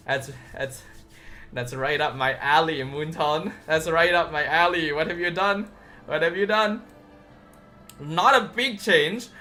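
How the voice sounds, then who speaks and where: A game streamer reviewing patch notes live, chatty and excitable, breaking into loud exclamations. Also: mid-range voice, measured pace.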